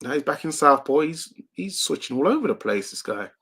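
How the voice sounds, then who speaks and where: A British man with a slightly higher-pitched, gravelly voice calls a live boxing bout as a watch-along host, giving quick, excitable play-by-play and breaking off to read viewer comments. The sound is slightly rough.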